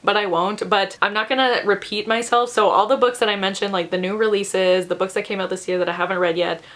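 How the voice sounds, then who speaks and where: Speaking at a medium pitch, a young adult woman keeps a steady, brisk, fairly bright tone. She's an effusive book vlogger in casual chat to camera, chatty and giggly, laughing a lot and leaning on fillers.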